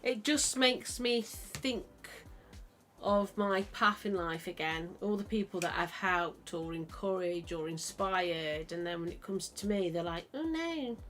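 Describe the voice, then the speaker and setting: A woman's voice: on the low side, steady tone, unhurried, fairly bright tone, faint music behind. Chatty woman podcast host. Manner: chatty, rambling storyteller. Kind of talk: casual chat.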